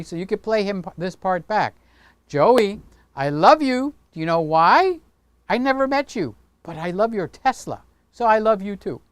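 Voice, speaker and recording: Playful male livestream host who chats with viewers; smooth tone, dry close sound. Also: sits high, expressive, normal speed, no echo. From Greek heritage. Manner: chatty, playful, talks with his hands. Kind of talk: casual livestream chat.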